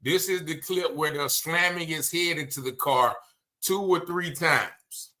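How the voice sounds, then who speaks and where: Bright-voiced indignant male commentator. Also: on the high side, unhurried. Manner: emphatic, repeats points, blunt and indignant. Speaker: commentator reacting to video. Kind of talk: emphatic video commentary.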